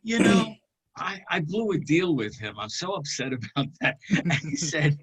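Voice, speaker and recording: An older man, a regular panelist, telling a long anecdote in an unhurried way, chuckling as he goes. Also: on the high side, very animated, a bit bright, breathy edge. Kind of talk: anecdote storytelling.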